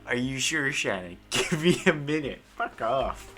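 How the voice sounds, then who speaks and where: A man's voice: medium pitch, lively intonation, measured pace, music in the background. A man streaming casual chat, teasing a friend, swearing and laughing. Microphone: headset earphones.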